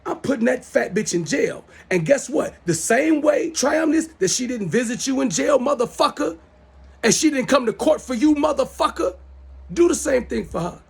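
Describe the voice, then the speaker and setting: With an extremely high pitch, a gravelly, husky, darkish tone, and a moderate pace, a middle-aged man rants animatedly to camera on his smartphone. As host of his self-styled show, he's heated, profane, and repetitive.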